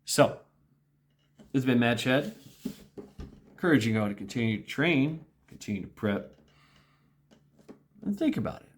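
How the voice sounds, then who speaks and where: A man's voice: mid-range voice, lively intonation, normal speed, pauses often, slight background noise. A middle-aged man talking through a casual monologue vlog, rambling and repeating himself, with small laughs. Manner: rambling, repetitive, with laughs and mimicked quotes. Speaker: vlogger.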